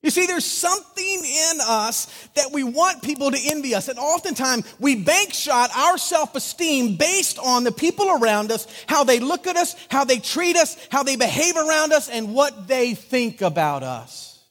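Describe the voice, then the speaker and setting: A pastor delivering a sermon with a notably high voice. He talks conversationally, acting out small scenes and dropping from loud lines to hushed ones. The sound carries a long reverb from a church sanctuary. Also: expressive, moderate pace, few pauses. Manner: conversational, acts out little scenes with wide swings from loud to hushed. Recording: hall reverb.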